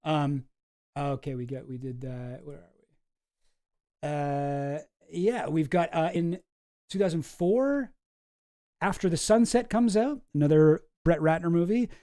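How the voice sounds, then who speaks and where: A man's voice: a little high, a little slow, warm tone, no room sound. A man streaming casual commentary from home, dry and skeptical, often trailing off into mumbles.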